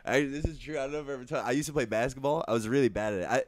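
A man's voice: medium pitch, rapid-fire, no room sound. A man in his twenties, a comedian guest on a podcast, joking about himself in casual banter. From New York. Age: 20s. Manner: animated, self-mocking jokes.

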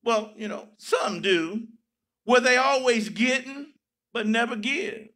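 Male pastor, very high pitch, slow measured delivery, preaching with bursts of shouting. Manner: preaching with sudden shouts and playful asides. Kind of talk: sermon.

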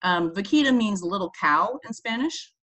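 A woman's voice: medium pitch, lively intonation, moderate pace, pushed and bright. A woman scientist co-hosting a casual educational chat, explaining animal facts in a chatty way and laughing often. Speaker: marine mammal scientist co-host.

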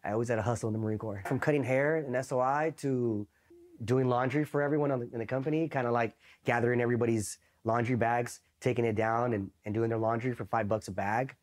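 Marine vet guy from east LA telling stories, swears a ton, mid pitch, does everybody's voices. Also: fast talker. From East Los Angeles, USA. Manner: profane, animated, acts out quoted voices. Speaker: Marine veteran guest. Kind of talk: casual storytelling interview.

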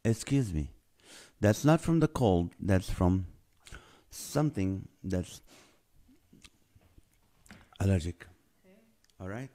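A man's voice: sits low, animated, takes it slowly, pauses often, mellow, slight background noise. A man hosting a casual livestream from home, greeting viewers by name and joking as he reads their comments. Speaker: livestream host. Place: home in California.

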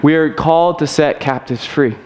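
A man's voice: fairly high pitch, normal speed, a little mellow. Laid-back stammering young male pastor. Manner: casual, self-deprecating, laughs often, stammering restarts. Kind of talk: sermon with personal story. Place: church service.

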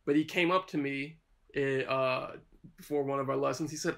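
A man's voice: mid-range voice, fairly even intonation, normal speed, gravelly, fairly bright tone. A male student from New York recounting experiences in a documentary interview, with a conversational style full of fillers. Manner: conversational, uses many fillers.

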